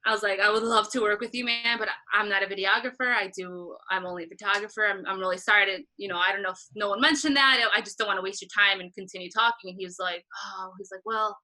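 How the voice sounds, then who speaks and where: A woman concert photographer telling a story in a casual interview, animated and acting out what others said, laughing often. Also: medium pitch, fast talker, few pauses, poor audio. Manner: animated, acts out quoted voices, laughs often.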